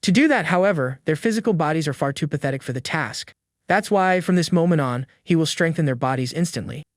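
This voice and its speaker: A man with a slightly higher voice reads a comic recap as scripted narration. His delivery is steady and even, and it sounds dry and close, with no room echo around it. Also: quick pace.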